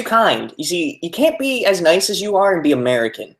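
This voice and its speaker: A man's voice: on the high side, big pitch swings, normal speed, fairly bright tone. A young man chatting casually on a live stream, reading out viewer comments, with many fillers. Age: young adult. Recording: roomy echo.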